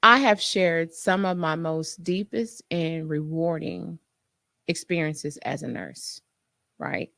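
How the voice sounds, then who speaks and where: A woman nurse hosting her own show, chatting to listeners in a lively way and acting out her own past reactions. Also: low voice, slow pace, creaky, no room sound. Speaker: nurse and podcast host. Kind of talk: casual storytelling to listeners.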